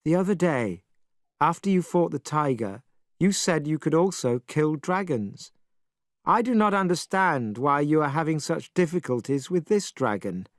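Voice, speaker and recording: A man's voice: fairly high pitch, expressive, normal speed, dry recording, studio quality, pitched above the performer's own voice, natural voice. A man doing a whiny, weepy young priest. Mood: whiny worried. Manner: whiny, tearful.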